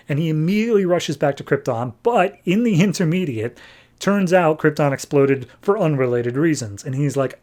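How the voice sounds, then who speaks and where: A young man hosting a podcast, casually retelling a comic's plot with quick bits of acted dialogue. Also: fairly high pitch, expressive, darkish tone. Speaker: podcast host recapping comics.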